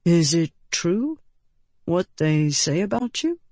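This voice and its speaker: A woman's voice: lowish voice, sing-song, takes it slowly, darkish tone, dry recording, full character voice. A woman voicing an earnest, bashful young male guard who speaks shyly. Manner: shy, earnest.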